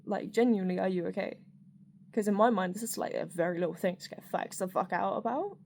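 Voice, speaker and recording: A woman's voice: medium pitch, quick pace, darkish tone. Woman, candid rambling vlogger, fillers and casual swearing, faint background hiss. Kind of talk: personal reflective monologue.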